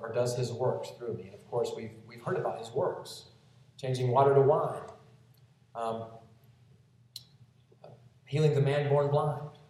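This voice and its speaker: A man delivers a gentle, expository sermon, explaining scripture verse by verse. His voice rings through a very reverberant space. He stands some way off from the microphone. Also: medium pitch, moderate pace, pauses often. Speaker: pastor. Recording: very echoey room, voice from a distance.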